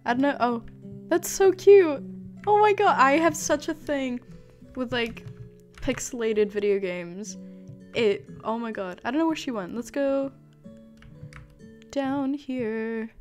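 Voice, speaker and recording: A young woman giving excited, chatty commentary while streaming a video game for the first time. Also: on the high side, slow, pauses often. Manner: excitable, exclaims and laughs a lot. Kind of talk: casual live gameplay commentary. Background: faint game music.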